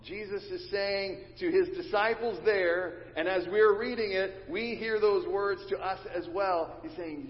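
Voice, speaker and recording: A man's voice: sits high, measured pace, hardly any pauses. A man preaching a sermon as pastor, teaching and leading his congregation in call and response. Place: church sanctuary. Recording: dull recording in a reverberant church hall.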